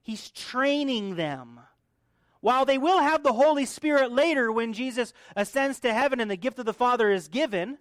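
A man pastor preaching a sermon in a conversational way, swinging between soft asides and loud, emphatic build-ups. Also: very high voice, animated, normal speed, no echo, studio quality.

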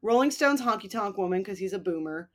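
A woman's voice: mid-range voice, animated, fairly quick. Wry, profane woman. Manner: profane, wry and self-deprecating. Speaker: podcast co-host. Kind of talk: casual film chat.

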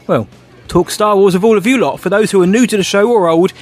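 A man's voice: sits high, quick pace, faint music behind. A man co-hosting a podcast, talking with lots of enthusiasm in casual chat. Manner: enthusiastic, chatty. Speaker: podcast co-host.

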